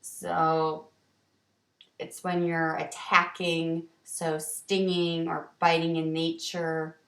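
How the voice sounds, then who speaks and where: A woman teacher walking students through vocabulary words in a slow, explanatory way, with ums and restarts. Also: deep voice, completely flat delivery, gravelly. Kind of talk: vocabulary lesson walkthrough. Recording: roomy, distant from the mic.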